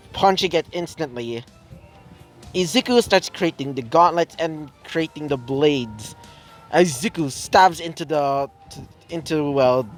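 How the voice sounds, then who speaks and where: A young man narrating an improvised fan story, rambling and full of fillers. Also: a little high. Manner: rambling, filler-heavy, many "well"s and "like"s.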